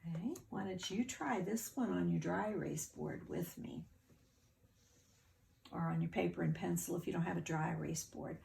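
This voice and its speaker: A woman's voice: fairly low pitch, normal speed, vocal fry, a little mellow, a little hiss or hum. A woman teacher giving a phonics lesson to children, patiently sounding words out syllable by syllable.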